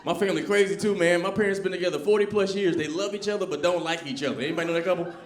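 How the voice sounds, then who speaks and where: Male stand-up comic, high voice, animated and conversational, roomy club echo. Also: rapid-fire. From Southern US. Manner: animated, conversational, quizzes the crowd. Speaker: stand-up comedian. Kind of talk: stand-up comedy set. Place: comedy club stage. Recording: echoey club room.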